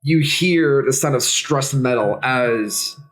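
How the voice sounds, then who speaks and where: A man narrating a tabletop role-playing game as game master, in a measured, descriptive way. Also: medium pitch, a bit bright, a little hiss or hum, rough recording.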